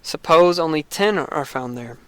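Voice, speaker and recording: Old Abraham, earnestly pleading and bargaining, humble and careful, as a man reading aloud puts him on. The voice is a bit higher than most men's, and it is dry and close. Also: animated, measured pace, dry recording.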